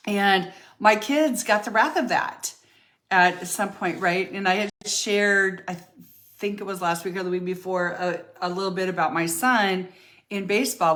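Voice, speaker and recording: Chatty, candid older woman. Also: lowish voice. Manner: chatty, candid, animated, with many fillers and restarts. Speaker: vlogger telling her life story. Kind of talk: casual storytelling to camera.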